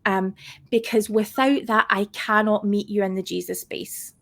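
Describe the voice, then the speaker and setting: Earnest woman, halting and searching. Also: mid-range voice, fairly even intonation, creaky, a bit bright. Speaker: podcast panelist. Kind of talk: casual discussion.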